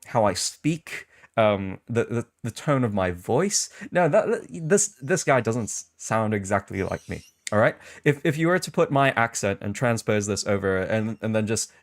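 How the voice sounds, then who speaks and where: A male streamer hosting a casual live chat, rambling and reacting with amused disbelief as he reads comments aloud. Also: on the low side. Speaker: VTuber streamer and podcast host.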